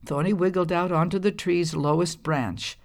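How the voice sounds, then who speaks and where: A woman reads a fairy tale aloud in a calm, measured storytelling voice. Her pitch sits a little low and her tone stays expressive. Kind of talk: storybook reading.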